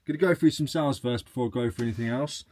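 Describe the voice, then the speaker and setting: A man's voice: mid-range voice, very fast, a little mellow. A man chatting casually to camera as a reselling vlogger, joking as he goes through his sales. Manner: chatty and jokey, reading out sales.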